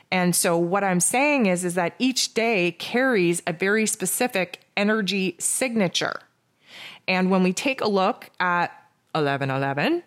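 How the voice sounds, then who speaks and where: A woman with a somewhat low voice talks through an astrology forecast. She speaks off the cuff, leans on sarcasm and self-mockery, and stacks up repeated words and phrases as she goes. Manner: repetitive, builds lists of near-synonyms.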